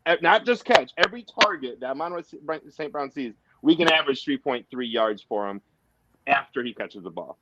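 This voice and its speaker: Excitable man with dull lo-fi audio. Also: a little high, noisy background. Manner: rambling, enthusiastic, quotes stats. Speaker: podcast co-host. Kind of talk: casual sports chat.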